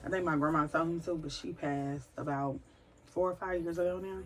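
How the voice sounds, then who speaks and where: A pregnant woman and mother of a big family, talking to camera about faith in an emphatic, animated, storytelling way. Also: low-pitched, fairly quick. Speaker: vlogger, mother of a large family. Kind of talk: candid faith-filled personal talk to camera.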